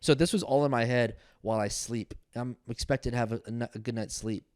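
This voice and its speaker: A man's voice: medium pitch, fairly even intonation, a little fast, a little mellow, no echo, clean studio sound. A man hosting a casual solo podcast, rambling through his thoughts, swearing often and restarting his sentences. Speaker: podcast host.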